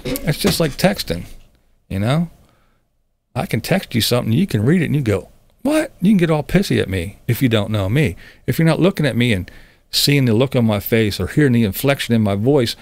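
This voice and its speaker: A man's voice: mid-range voice, expressive, fairly quick, gravelly, darkish tone, no echo. A middle-aged man hosting a live stream, chatting casually with viewers in a blunt, sarcastic way, swearing and laughing often. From Pennsylvania.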